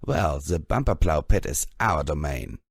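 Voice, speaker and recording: A man's voice: a bass voice, expressive, unhurried, vocal fry, breathy edge, dry recording, studio quality, heavily acted. A man voicing a spiteful, menacing female pony bully in an audiobook, with a sneering, taunting delivery. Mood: smug.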